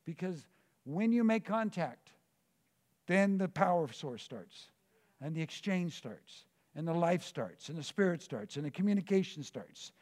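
Fervent preacher man, hushed to booming. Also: very animated, measured pace. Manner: swings from hushed, intimate speaking to loud exclamations; rhythmic, repetitive declarations. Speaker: pastor. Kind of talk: sermon and closing prayer.

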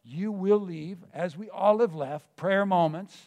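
A man preaching a sermon and leading a prayer, with rhythmic, repeated declarations that swing between hushed, intimate tones and loud exclamations. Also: high voice, unhurried. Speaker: pastor.

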